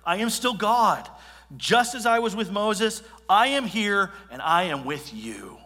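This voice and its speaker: A commanding, ancient God declares each word with emphasis, in a raised and forceful voice, as a preacher takes him on. The voice rings through a big hall and its long echo. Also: male voice, high-pitched, animated, measured pace, pitched above the performer's own voice, full character voice.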